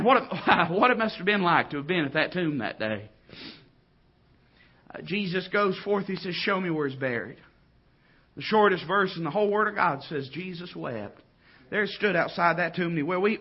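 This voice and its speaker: Preacher man, high voice, swings from hush to shouting, dull muffled recording. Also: expressive, slightly rough. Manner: swings from quiet to loud, exclaiming and drawn-out. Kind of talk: sermon.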